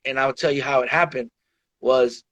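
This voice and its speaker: A man's voice: medium pitch, steady tone, normal speed, fairly bright tone, no room sound, lo-fi sound. A man guest on a podcast, telling his life story frankly and casually, full of slang and swearing, calling the listener "bro" and "dog". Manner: slangy and profane, peppers speech with "bro" and "dog". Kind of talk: candid storytelling in casual conversation.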